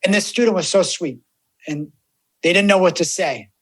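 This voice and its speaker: At a normal speed and with a voice that sits high, a man chats casually on a podcast as a guest who works as a death doula. He tells stories in a lively way, taking on the voices of the people he quotes.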